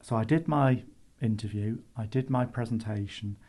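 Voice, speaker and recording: A man's voice: on the low side, normal speed, mellow. A man in his sixties with a Manx accent, a retiring meteorologist telling humorous stories in a chatty radio interview. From Isle of Man.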